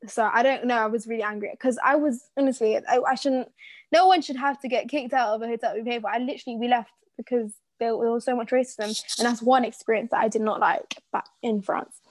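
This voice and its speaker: A young British woman, co-hosting a podcast and telling a story in a chatty, animated way with many fillers. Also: fairly high pitch, fast, no echo. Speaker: podcast co-host. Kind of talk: casual chat.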